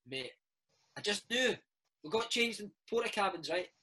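A man's voice: high-pitched, lively intonation, moderate pace, sharp tone, breathy edge, rough recording. A Scottish man in his thirties, a former footballer telling stories in a casual interview, dropping "mate" and "eh" all the time. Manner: chatty, peppers speech with "mate" and "eh".

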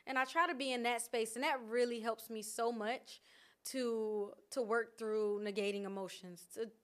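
A woman vlogger talking candidly and casually about her feelings, animated and laughing often. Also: a little high. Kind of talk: casual reflective chat. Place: outdoors in nature.

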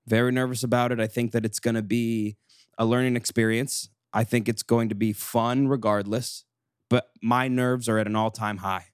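A young man in his twenties hosting a solo podcast, chatty and self-mocking, running off on animated tangents into a studio microphone. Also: medium pitch, no echo. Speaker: podcast co-host.

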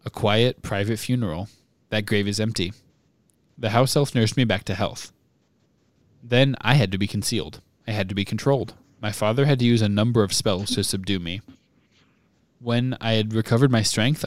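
A man reading aloud, voicing a drugged young man who speaks in a flat, expressionless monotone. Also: on the low side, normal speed, no echo, close to an everyday voice.

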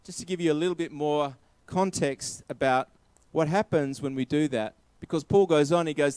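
A man's voice: fairly high pitch, normal speed, hardly any pauses, darkish tone, smooth, no room sound. Emphatic male preacher, dry sound. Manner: emphatic, repeating key phrases. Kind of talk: sermon.

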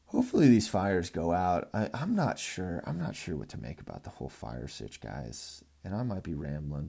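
A man's voice: sits low, vocal fry, mellow, slightly rough. A young man from California rambling through a casual, profane monologue as a podcast host, joking and cursing freely.

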